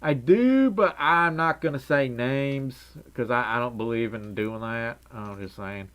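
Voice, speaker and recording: A young adult livestreamer reads chat and talks casually with viewers, using a put-on Southern drawl. The voice is mid-range, smooth and a bit bright at a measured pace, and the chatter is giggly and rambling with frequent laughs.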